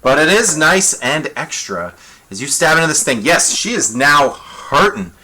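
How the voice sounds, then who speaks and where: A man running a tabletop horror game live as game master, animated and quick with apologetic asides. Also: a little high, rough recording.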